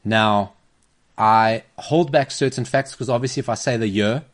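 A man's voice: lowish voice, moderate pace. A man hosting a sports podcast in a studio, chatting casually and laughing often while he tells stories and explains a game. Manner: animated, laughs often, storytelling. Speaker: podcast host. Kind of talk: casual chat. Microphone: studio microphone.

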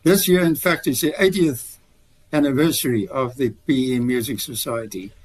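A man's voice: mid-range voice, normal speed, breathy edge, poor audio. Older male guest, rambling anecdotal storyteller. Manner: rambling storyteller, many restarts. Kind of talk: radio interview.

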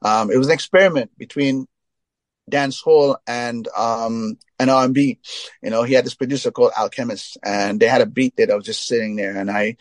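A man from Trinidad tells stories in a loose, rambling interview, dotting his talk with "you know". His voice sits at an ordinary pitch for a man, recorded close and dry with no room sound. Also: fairly even intonation, fairly quick, dry recording. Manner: rambling, frequent "you know" fillers, laughs while telling stories. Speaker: interview guest, reggae singer. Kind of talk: casual storytelling interview.

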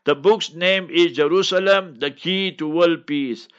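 A man's voice: fairly high pitch, a little slow, highs cut off. A man, a mufti answering listener questions on a Q&A show, lecturing in an emphatic, instructive way and repeating his key points. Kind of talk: radio Q&A lecture.

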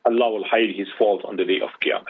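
Husky man preaching over a tinny phone line. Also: lowish voice, fairly even intonation, fast, no room sound. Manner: preaching, rhetorical questions. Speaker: radio host. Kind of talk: radio Islamic advice talk.

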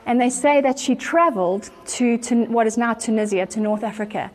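A woman church speaker delivers a storytelling sermon, retelling a tale with earnest animation. Her pitch is fairly high and her pace moderate.

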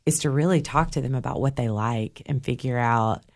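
A woman guest, a library director and former teacher, speaking thoughtfully and in a measured way. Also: very deep voice. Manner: thoughtful and measured when explaining. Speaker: library director and bookshop board member, guest. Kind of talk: interview conversation.

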